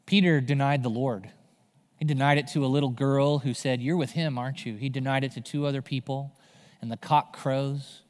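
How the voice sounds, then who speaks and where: A man preaching a sermon as pastor, telling Bible stories with animated delivery and acted-out voices. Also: medium pitch, moderate pace. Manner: animated storytelling, acting out voices. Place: large church hall. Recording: long hall reverb.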